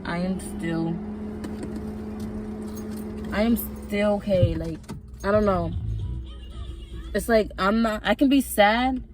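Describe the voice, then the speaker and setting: A woman's voice: mid-range voice, slow, pauses often, music in the background. A woman telling a personal story in a casual vlog, rambling and swearing freely. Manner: rambling, profane, emotional storytelling. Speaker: vlogger.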